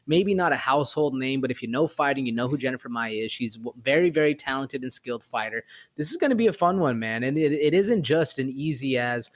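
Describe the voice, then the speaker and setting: A man's voice: medium pitch, animated, brisk. A man co-hosting a sports podcast, chatting casually about an upcoming fight and sometimes fumbling over his words. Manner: casual, stumbles over words now and then. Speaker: podcast co-host.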